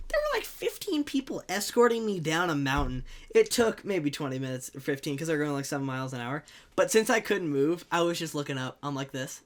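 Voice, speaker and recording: A young man telling a comic personal anecdote in an animated, jokey way, with sudden loud bursts. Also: fairly high pitch. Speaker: storyteller.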